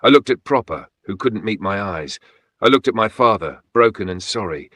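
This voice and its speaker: Dry, bright male story narrator. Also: on the low side, normal speed, dry recording. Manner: steady, dramatic storytelling. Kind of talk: scripted first-person narration.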